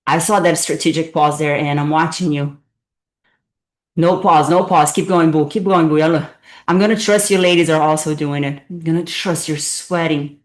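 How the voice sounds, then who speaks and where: A fitness instructor with a fairly low voice leads a live online workout class, playful and encouraging as she cheers her students on and gets out of breath. The mic is distant, so she sounds far away in an echoey room.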